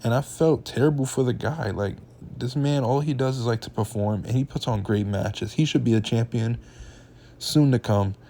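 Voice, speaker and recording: Mellow-voiced young man ranting casually. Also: medium pitch, moderate pace. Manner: heated, slangy ranting. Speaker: reaction channel host. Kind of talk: casual reaction commentary.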